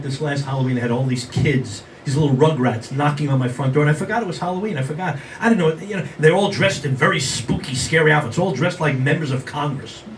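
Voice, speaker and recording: Performing a stand-up set before a live audience, an older man trades in self-mocking jokes and fires off quick remarks to the crowd in a slightly high voice. The sound is distant and roomy, with plenty of background noise.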